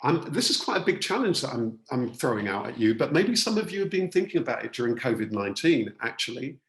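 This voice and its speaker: A man's voice: mid-range voice, very animated, quick pace, roomy sound. A man, a coach and speaker, leading an online masterclass and repeating key words earnestly for emphasis. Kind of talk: online workshop talk.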